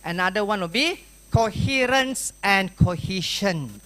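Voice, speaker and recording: A woman with a Malaysian English accent lecturing students at an exam-preparation workshop, animated and playful, acting out chatter with sound effects. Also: medium pitch, measured pace. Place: school hall.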